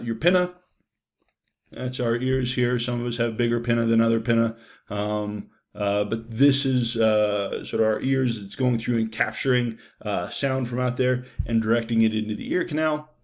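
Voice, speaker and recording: A man's voice: medium pitch, fairly even intonation, normal speed. A man giving a university psychology lecture in a loose, conversational way, with frequent fillers and "right?" checks.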